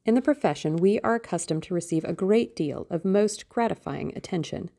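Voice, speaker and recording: A woman's voice: fairly low pitch, expressive, a little fast, vocal fry, mellow. A woman voicing a fretful, affected middle-aged mother who was once a stage actress, with a theatrical, self-pitying manner.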